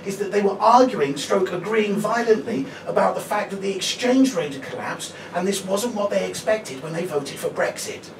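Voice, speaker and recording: Man doing stand-up, lively high voice, echoey room from far off. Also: normal speed, creaky, hardly any pauses. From Brighton, England. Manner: chatty, tags lines with 'right?'. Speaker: stand-up comedian. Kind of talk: stand-up comedy set. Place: comedy venue. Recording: echoey live venue, distant mic, audience noise.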